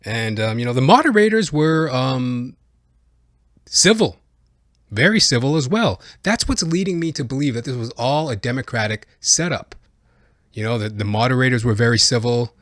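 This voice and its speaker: A man hosts a podcast, rambling through comedic political commentary with plenty of fillers. His pitch moves in a lively way, and the recording is dry and close, without room sound. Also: moderate pace, no echo. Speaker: podcast host.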